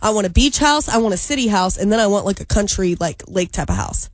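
A woman's voice: medium pitch, big pitch swings, quick pace, dry recording. A woman co-hosting a radio show, chatting playfully and emphatically. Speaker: radio co-host. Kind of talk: casual on-air banter.

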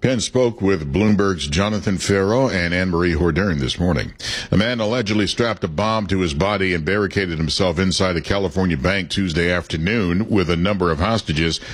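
A man reading a scripted radio newscast as the anchor, in a steady, measured way. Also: sits low, husky. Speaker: news anchor.

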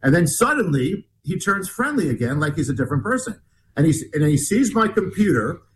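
A man telling a story in an interview, animated and rambling, with many restarts. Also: fairly high pitch, brisk, slight background noise, rough recording. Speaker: guest author.

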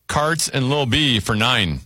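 A man hosting a word game show, briskly announcing scores and clues. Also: medium pitch, expressive, pushed and bright, soft background music.

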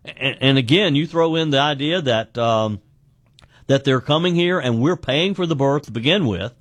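Talk radio host with a dry studio sound. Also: male voice, mid-range voice, normal speed, a bit bright, no room sound. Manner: conversational, repeats words when starting sentences.

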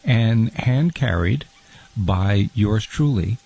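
A prim, easily wounded fondue enthusiast, as a man plays him in an improvised comedy bit. He talks in a low, gravelly and husky voice, stammering through earnest explanations. He sounds precious and fussy. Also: animated, slow, dark tone, full character voice. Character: fussy, fragile adult man called Fondue Guy.

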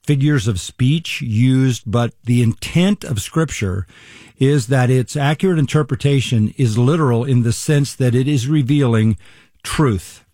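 An older male pastor in his seventies with a mellow, relaxed voice, talking through ideas in a measured way and often restarting phrases. The sound is close and dry. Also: mid-range voice, dry recording. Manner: deliberate, measured, with frequent restarts. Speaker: pastor and Bible teacher. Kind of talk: interview conversation.

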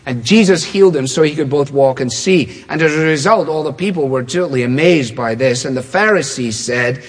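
A man's voice: fairly high pitch, lively intonation, moderate pace, husky. A man preaching a sermon with an emphatic, repetitive cadence. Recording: long hall reverb.

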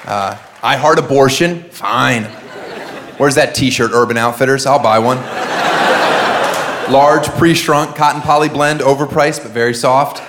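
A male stand-up comedian with a sarcastic, deadpan-then-loud delivery, performing live in a comedy club. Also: mid-range voice, a little slow, heavy background noise. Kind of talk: stand-up routine. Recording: live club set with loud crowd laughter.

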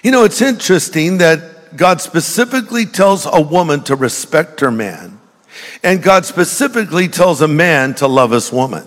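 A man's voice: a little high, animated, normal speed, a bit bright. An older man preaching a sermon in a church, telling jokes and funny stories to the congregation. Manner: humorous storytelling, jokey asides to the congregation. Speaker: pastor. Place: large church hall. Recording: long hall reverb.

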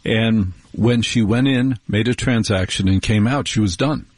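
A man hosting a late-night radio talk show, chatting with wry, animated asides and telling stories. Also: on the low side, unhurried, dry recording.

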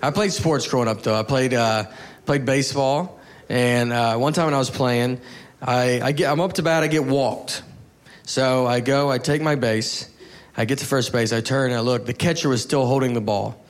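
A man's voice: medium pitch, moderate pace. A man performing a stand-up comedy set, telling self-mocking stories in a laid-back way. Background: audience laughter.

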